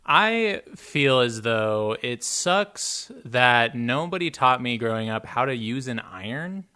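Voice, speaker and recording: A man's voice: mid-range voice, expressive, takes it slowly, sharp tone, clear, resonant tone. A man co-hosting a podcast in casual, joking chat, swearing casually. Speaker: podcast co-host.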